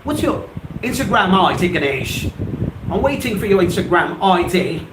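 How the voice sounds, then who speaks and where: A man in his forties, a spoken English tutor running a live lesson, theatrical and animated, drilling words over and over. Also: high voice, normal speed. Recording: roomy echo with background noise.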